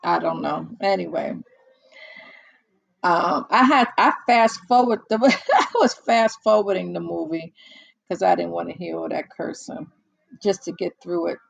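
Slow, gravelly older woman. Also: on the low side, poor audio. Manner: blunt, exasperated storytelling with many restarts. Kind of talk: casual monologue.

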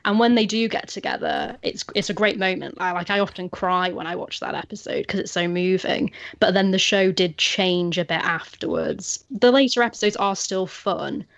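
A woman's voice: mid-range voice, moderate pace, few pauses, no echo, muffled recording. A woman hosting a podcast, talking in a chatty, enthusiastic and thoughtful way. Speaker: podcast host. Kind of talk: casual chat.

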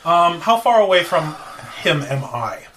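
A fairly high, bright-voiced man talks through his turn in a tabletop game, excitable and swearing freely. Faint hiss runs under the recording. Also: unhurried. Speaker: player. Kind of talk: casual game chat.

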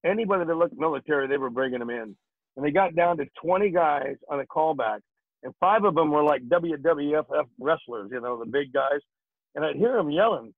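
A man's voice: a little high, fairly quick, no echo. An older man, a guest actor, telling jokey stories in a casual interview. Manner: jokey, animated storyteller. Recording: dry tinny phone-like sound.

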